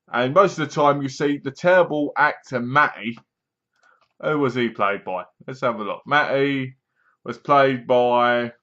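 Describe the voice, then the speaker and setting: A man's voice: medium pitch, fairly bright tone. A man giving a casual spoken review of a horror movie, sarcastic and mocking, acting out scenes as he goes. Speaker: film reviewer. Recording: dull lo-fi sound.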